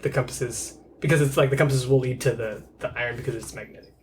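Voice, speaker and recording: A woman's voice: rumbling low, fairly even intonation, quick pace, slight background noise. A young woman co-hosting a podcast in casual chat, talking with lots of fillers and giggles. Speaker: podcast co-host.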